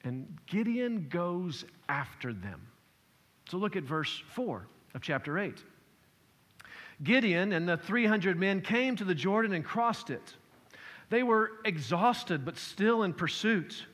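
A man's voice: sits high, very animated, takes it slowly, fairly bright tone. A man preaching a sermon as pastor, shifting his emphasis and acting out quotes as he explains a passage. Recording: long hall reverb.

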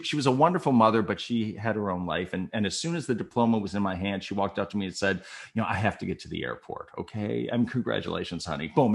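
A man from Minnesota telling an emotional personal story, acting out the voices and swinging from quiet to loud. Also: fairly low pitch. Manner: animated, acts out voices, swings from soft to loud.

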